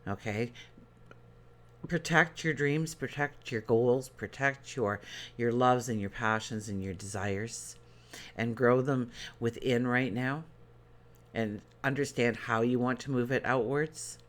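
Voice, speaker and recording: A man's voice: medium pitch, slow, a bit bright. A man giving a daily tarot reading to his viewers, talking in an earnest, rambling way with many fillers and restarts. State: choked up. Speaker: tarot reader.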